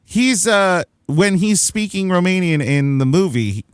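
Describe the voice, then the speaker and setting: A man's voice: high voice, expressive, unhurried, smooth, dry recording, studio quality. A young man with a Californian accent, co-hosting a casual movie review podcast, rambling, laughing and swearing now and then. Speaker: podcast co-host.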